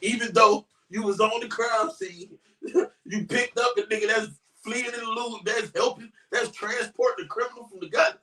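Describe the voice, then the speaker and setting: A man giving a brash, profane commentary on a crime story on his YouTube channel, often shouting. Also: high voice, steady tone, moderate pace, distant mic. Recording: roomy echo, voice away from mic.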